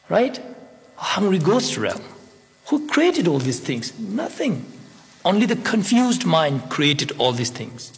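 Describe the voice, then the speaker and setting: A man's voice: a little high, huge pitch swings, unhurried, gravelly, in a large hall. A man whose first language is Tibetan gives a spontaneous Buddhist talk in English, playful and acting out little scenes. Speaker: Buddhist teacher.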